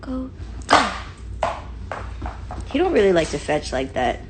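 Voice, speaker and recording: A young social media personality with a New York accent livestreams casually on her phone from home, moving between slangy talk with viewers and playful baby talk to her puppy. Her low, darkish voice swings hugely in pitch, and she talks fast. There is a little hiss or hum.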